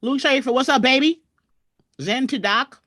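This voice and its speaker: A woman hosting a casual livestream from home, chatting and shouting out viewers over a video call mic. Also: high-pitched, normal speed, no room sound, clean studio sound. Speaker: host. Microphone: computer mic on a video call.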